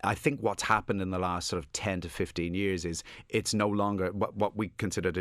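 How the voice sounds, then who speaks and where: An Irish man with a low, deep voice chats as a radio guest, self-deprecating and full of restarts. The sound is dry and close, straight into a studio mic. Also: fairly even intonation, fairly quick, a bit bright, dry recording. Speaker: author guest. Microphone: studio microphone.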